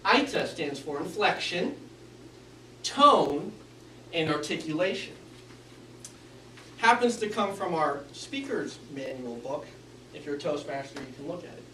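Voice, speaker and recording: A man's voice: fairly high pitch, animated, unhurried, pauses often, bright, forceful tone, slight background noise. A man giving a prepared club speech on speaking skills, with varied inflection and an instructive manner. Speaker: Toastmasters speaker. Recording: echoey room, mic from a distance.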